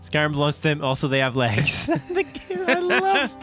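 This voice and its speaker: A man co-hosting a gaming video, giving giggly, excitable casual commentary. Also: a little high, moderate pace, music in the background.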